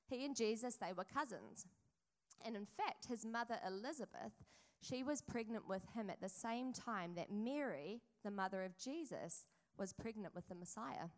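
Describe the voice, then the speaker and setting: A woman, preaching a sermon in a chatty storytelling way with asides to the congregation. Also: mid-range voice. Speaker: pastor.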